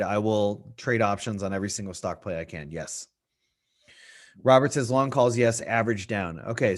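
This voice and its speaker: A middle-aged man hosts a live market-analysis stream in a loose conversational way. He answers chat questions as they come in and repeats his points for emphasis, speaking at an ordinary mid pitch. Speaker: trading stream host.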